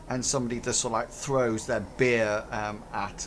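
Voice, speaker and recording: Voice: medium pitch, steady tone, normal speed, noisy background. A game master narrating a tabletop game, hesitant and full of fillers.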